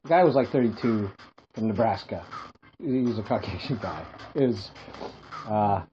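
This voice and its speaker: A man from Hawaii co-hosts a podcast, telling rambling comic stories and laughing at his own jokes in casual chat. His voice is on the low side, dark and expressive, at a moderate pace, with slight background noise. The podcast audio is dull and lo-fi with faint music.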